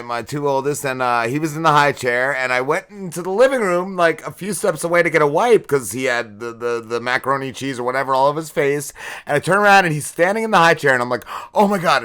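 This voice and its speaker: Bright crisp-voiced guy hosting, chatty and quick, telling dad stories. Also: fairly high pitch. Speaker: radio show host. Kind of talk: casual chat.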